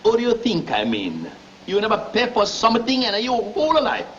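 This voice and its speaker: An actor playing a hot-tempered but big-hearted Italian immigrant grocer, speaking broken English with an Italian accent and Italian phrases. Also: male voice, high voice, huge pitch swings, normal speed, a bit bright, heavily acted. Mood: argumentative. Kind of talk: 1930s film acting. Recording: dull scratchy 1930s film soundtrack.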